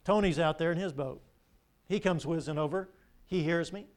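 An older pastor preaches in a high, ringing voice. He tells stories with animation and keeps asking the congregation rhetorical questions. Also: moderate pace. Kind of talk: sermon.

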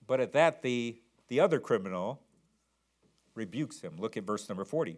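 A man's voice: mid-range voice, expressive, normal speed. A man preaching a sermon, reading King James scripture and repeating words as he builds each point. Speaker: pastor.

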